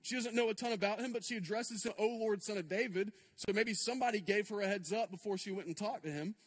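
A male pastor with a high voice preaches in an animated, chatty style, firing off rhetorical questions. His voice rings with the long reverb of a church hall. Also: fast, slightly rough. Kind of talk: sermon.

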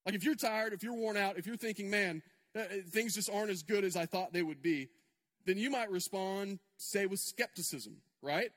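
A man preaching a sermon to a congregation in a lively, conversational way, full of rhetorical questions. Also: high-pitched, normal speed, in a large hall. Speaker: pastor.

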